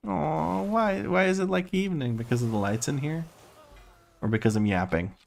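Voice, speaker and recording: A man's voice: fairly high pitch, normal speed, creaky, a little mellow, a little hiss or hum. A man streaming a game, chatting casually and playfully, thinking aloud and laughing often. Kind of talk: casual live-stream chat while gaming. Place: home room.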